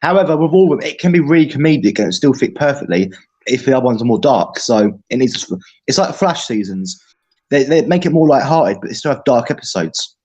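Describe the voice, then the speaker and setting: Young male co-host, mid-pitched, blunt, jokey, swears constantly. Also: expressive, a little fast, darkish tone, husky. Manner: blunt, swears heavily, joking. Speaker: podcast co-host. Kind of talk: casual chat.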